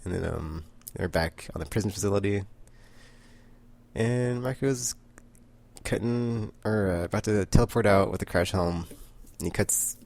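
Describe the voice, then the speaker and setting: Deep-voiced man rambling through a recap. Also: moderate pace, creaky, darkish tone. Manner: rambling, laughs often, many fillers. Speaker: comic book reviewer. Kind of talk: casual recap of a comic issue.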